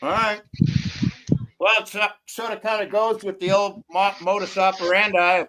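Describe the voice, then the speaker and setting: A man's voice: sits high, flat delivery, normal speed, sharp tone. A man hosting a crude, casual live stream, teasing and rambling with profanity. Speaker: stream host.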